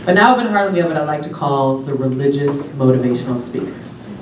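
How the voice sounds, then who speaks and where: A woman from Long Island doing a raunchy stand-up set, telling brash, animated stories with big jumps in pitch. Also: quick pace, noisy background. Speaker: stand-up comedian. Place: comedy club stage. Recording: roomy club sound from a distance, loud audience. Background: audience laughter.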